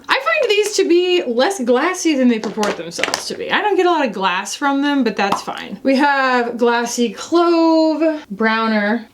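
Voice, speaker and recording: A woman, chatting casually and excitedly as she reviews makeup, gushing and gasping often. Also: fairly high pitch, a little hiss or hum. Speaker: beauty reviewer.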